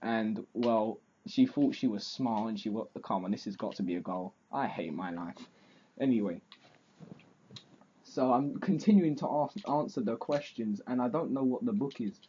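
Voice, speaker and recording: A man's voice: fairly low pitch, normal speed, warm tone, muffled recording, a little hiss or hum. A teenage boy telling a rambling, self-mocking story for his vlog, full of fillers. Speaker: vlogger.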